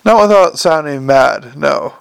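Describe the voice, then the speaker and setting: A male audiobook narrator voices a sharp, sarcastic con man who grows more and more flustered and exasperated. His gravelly, slightly high voice is expressive and sounds close and dry.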